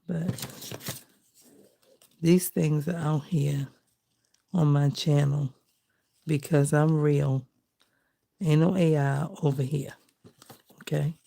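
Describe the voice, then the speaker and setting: A woman's voice: low-pitched, steady tone, slow pace, gravelly, long pauses, dark tone. A middle-aged woman, chatting in a heartfelt, folksy way while she crafts for her vlog. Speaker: crafting vlogger. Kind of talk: casual chat while crafting.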